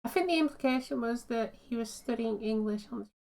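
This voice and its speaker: A woman's voice: a little high, creaky, darkish tone. A woman streaming a game, chatting casually with viewers and laughing easily. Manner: chatty, amused, quick to laugh.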